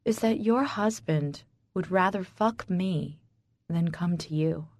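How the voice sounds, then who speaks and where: A woman narrator voicing a sly, spiteful young woman who taunts slowly and quietly in an audiobook. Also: fairly low pitch, no echo, clean studio sound. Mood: cruel.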